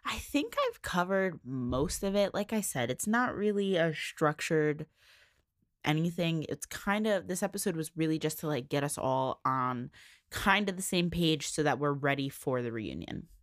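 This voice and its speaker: A young woman with a low voice talks through a casual solo podcast recap, frank and chatty, packed with fillers and swearing. Her voice sits close and dry on the mic, with no room sound around it. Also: lively intonation, normal speed, no room sound. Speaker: podcast host.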